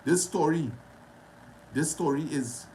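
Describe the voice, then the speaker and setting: A man's voice: a little high, slow pace, heavy background noise. Trinidadian man telling a story. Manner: animated, dramatic retelling with repetition and dialect. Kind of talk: casual storytelling to camera.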